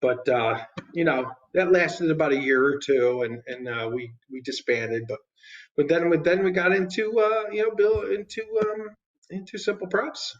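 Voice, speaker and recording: A man, a guest musician, telling stories in casual chat, animated and laughing often, with many restarts. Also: a little high, moderate pace, highs cut off. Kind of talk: casual storytelling. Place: podcast studio.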